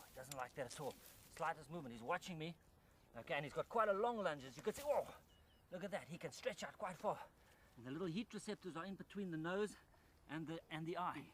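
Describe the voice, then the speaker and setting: A man presenting a wildlife documentary outdoors in rice fields, animated and excited, dropping to a hushed voice near the animal. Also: fairly high pitch, slight background noise.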